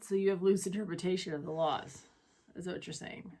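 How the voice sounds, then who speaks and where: A woman's voice: on the low side, fairly even intonation, mellow. A woman co-hosting a casual chat, cutting in with teasing questions. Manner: teasing, quick interjections. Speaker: co-host.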